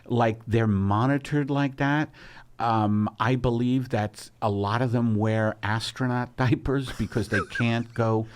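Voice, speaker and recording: Slow, ranting comedian man. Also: steady tone. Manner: swings from low growling threats to loud indignant outbursts. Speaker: podcast host.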